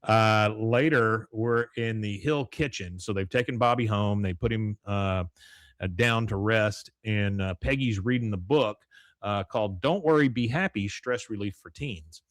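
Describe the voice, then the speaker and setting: A man's voice: fairly low pitch, a little slow, no room sound, studio quality. A man hosting a podcast, casually retelling a cartoon episode and quoting lines in lightly raised voices. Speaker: podcast host.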